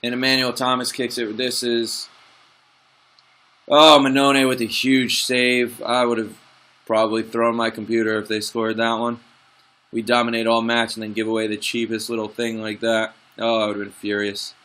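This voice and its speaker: Bright-voiced young man calling a football game. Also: lowish voice, brisk. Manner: excitable, frustrated, swings from play-by-play to grumbling asides. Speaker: gamer commentating his own football management match. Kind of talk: let's play commentary.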